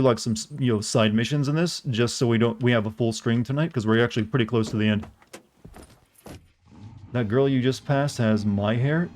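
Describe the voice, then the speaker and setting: A man's voice: medium pitch, a little mellow. A man streaming a game, chatting casually with his viewers and answering their questions, often restarting his sentences. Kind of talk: casual gameplay commentary.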